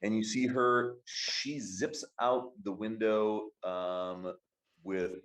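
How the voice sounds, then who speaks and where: A man's voice: fairly low pitch, fairly even intonation, slow pace, fairly bright tone. A man narrating a tabletop game as game master in a casual, rambling way. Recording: echoey room.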